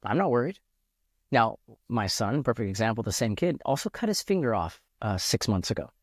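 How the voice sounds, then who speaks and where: A man in his thirties speaks as a podcast guest in an earnest, reflective way. He thinks aloud and often restarts his sentences. His voice sits at a middle pitch, recorded dry and close with no room sound. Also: sing-song, a little fast, no echo. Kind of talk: reflective casual conversation.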